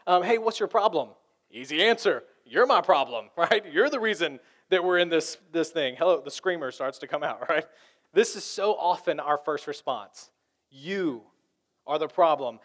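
A man pastor preaching a lively sermon, acting out the voices of arguing people. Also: on the high side, normal speed.

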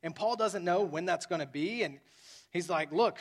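A man's voice: high voice, normal speed. A man preaching a sermon as pastor, earnest and building to emphatic peaks.

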